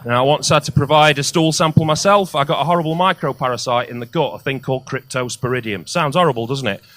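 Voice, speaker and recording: A male comedian doing a crude stand-up set on a comedy club stage, with loud outbursts on the punchlines. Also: medium pitch, fast, no echo.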